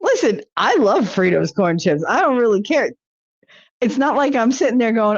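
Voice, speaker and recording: A woman's voice: a little high, animated, normal speed, husky, no echo. A chatty woman hosts a livestream and riffs loosely on viewer comments. She rambles from thought to thought and laughs easily. Her voice is close and dry, with a dull, lo-fi stream-audio sound. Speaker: livestream talk show host. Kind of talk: casual chat reacting to viewer comments.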